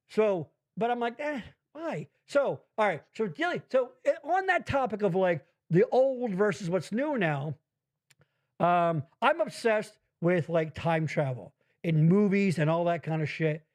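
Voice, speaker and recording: A man's voice: high voice, expressive, measured pace. A man hosting a casual comedy podcast from his basement, profane and rambling, reading chat comments aloud. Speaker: podcast host. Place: home basement.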